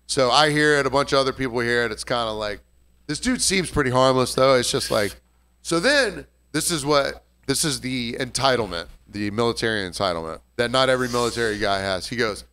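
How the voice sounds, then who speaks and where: A man telling a story in casual podcast chat, animated and profane. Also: mid-range voice, a little fast, clear, resonant tone.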